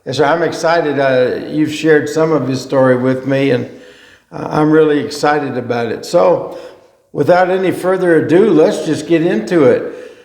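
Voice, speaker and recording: A man's voice: a little high, moderate pace, darkish tone. A man hosting a faith podcast, welcoming guests in a friendly, eager way. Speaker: podcast host. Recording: echoey room.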